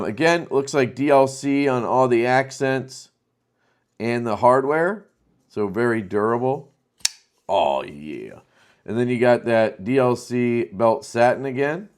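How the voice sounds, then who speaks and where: A knife channel host talks through a laid-back product showcase, eager and loose, with lots of filler words. His medium-pitched voice is smooth and animated, and he takes his time.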